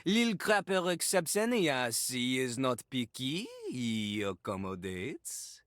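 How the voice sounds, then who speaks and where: A man's voice: medium pitch, expressive, slow pace, a bit bright, no echo, clean studio sound. An actor voicing a cocky, boastful male toilet character in a game, rapping in rhyme and hyping himself up.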